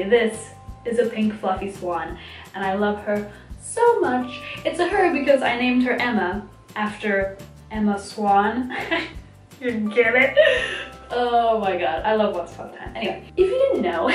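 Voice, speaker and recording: Bubbly, giggly young woman vlogging. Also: on the high side. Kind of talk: casual favorites vlog. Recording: echoey room, mic at a distance.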